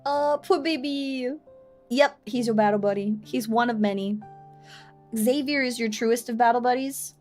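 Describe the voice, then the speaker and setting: A woman streamer reading a story game aloud and chatting, telling stories in an animated, expressive way. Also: fairly high pitch, moderate pace, soft background music.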